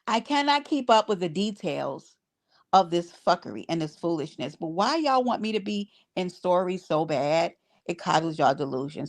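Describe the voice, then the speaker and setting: A woman's voice: fairly low pitch, expressive, normal speed. A woman hosting a casual livestream, talking bluntly to her viewers with exasperation and free cursing. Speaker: livestream host reading chat.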